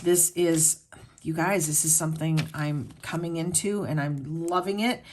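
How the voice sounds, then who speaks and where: Low-voiced middle-aged woman chatting casually. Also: fairly even intonation, measured pace, a little mellow, slight background noise. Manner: rambling, talks straight to viewers. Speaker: planner vlogger. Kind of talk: casual chat.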